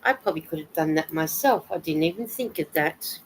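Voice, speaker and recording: Lower-voiced woman knitting on a live chat. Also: animated, a little fast, a little hiss or hum, poor audio. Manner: reads viewer comments aloud and greets each viewer by name; chatty, with soft sympathetic asides. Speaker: livestream host. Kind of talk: casual chat while knitting.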